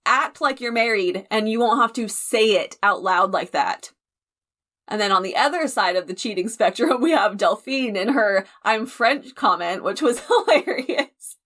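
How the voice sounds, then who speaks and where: A young woman hosting a reaction channel, giving casual, emotional commentary on a TV episode. She laughs often and rushes through her sign-off. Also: mid-range voice, expressive, fairly bright tone.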